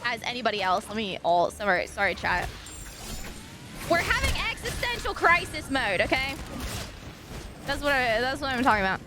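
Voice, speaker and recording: A woman's voice: on the high side, sing-song, music in the background. A woman from Washington State with a local accent, chatting and rambling to her viewers on a casual gaming stream. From Washington State, USA. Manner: rambling, chatty, quick asides to chat. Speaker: live streamer.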